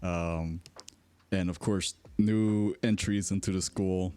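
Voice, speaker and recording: A man's voice: low-pitched, fairly even intonation, takes it slowly, mellow, clear, resonant tone. A man streaming in casual chat, telling rambling stories and laughing often. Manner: rambling, self-correcting storyteller.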